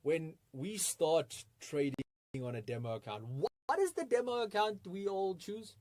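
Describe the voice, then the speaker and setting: A man presenting a live online trading masterclass, energetic and full of rhetorical questions, with frequent chuckles. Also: high-pitched, moderate pace, no room sound.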